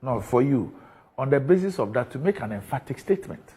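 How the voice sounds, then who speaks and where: A man hosting a live TV interview, firm and measured, pressing his guest for evidence. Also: medium pitch, sing-song, warm tone, husky. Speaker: TV host.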